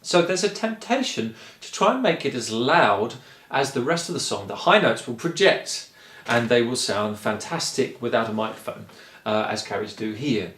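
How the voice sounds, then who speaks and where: A man giving a singing lesson, explaining calmly and encouragingly, step by step. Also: medium pitch, moderate pace, echoey room. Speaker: singing teacher. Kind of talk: vocal lesson.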